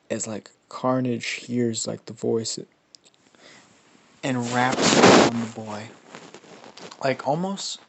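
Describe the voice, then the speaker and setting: A man's voice: mid-range voice, vocal fry, low-quality recording. A sleepless man improvising a fan story, rambling and swearing, full of fillers. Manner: rambling, filler-heavy and profane.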